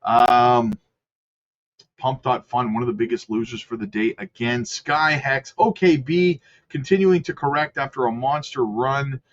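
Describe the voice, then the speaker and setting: An upbeat man runs through crypto price charts in a casual, chatty way, calling his viewers "guys" as he goes. His voice sits at an ordinary middle pitch. The recording sounds a little dull and lo-fi. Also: unhurried. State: hiccups. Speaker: crypto market commentator.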